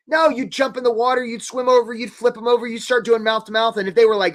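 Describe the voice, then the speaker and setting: Man, higher-pitched, career coach, live webinar, animated, jokey, mimics voices. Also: fast, few pauses. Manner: animated, acts out little quoted voices, jokey. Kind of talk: energetic live webinar talk.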